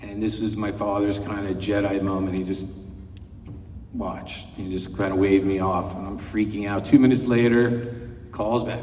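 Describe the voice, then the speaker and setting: A man's voice: fairly low pitch, little pitch movement, normal speed, a little mellow, slight background noise. Man, fifties, film producer, panel guest, rambling anecdotes, chuckles, far from mic, long hall reverb. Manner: rambling, chuckling, acts out quotes. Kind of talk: anecdotal convention panel storytelling. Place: large convention hall panel.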